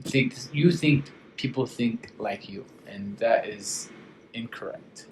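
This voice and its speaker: A man's voice: medium pitch, slow pace. A man joining a casual podcast chat with short, blunt comments and interjections. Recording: roomy sound with faint noise.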